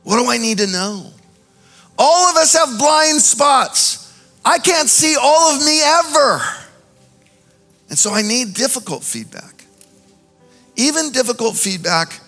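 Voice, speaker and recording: Male pastor, sermon, animated delivery, pitched a bit high, long reverb, faint music. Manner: animated, swings between loud exhortation and quiet intimacy. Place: large church auditorium.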